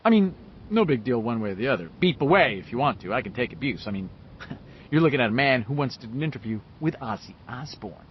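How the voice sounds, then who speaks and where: A man voicing a wisecracking middle-aged radio DJ who talks fast and jokes, in a dull lo-fi audiobook recording. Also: mid-range voice, slight background noise, lightly acted. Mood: joking. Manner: quick, jokey, animated.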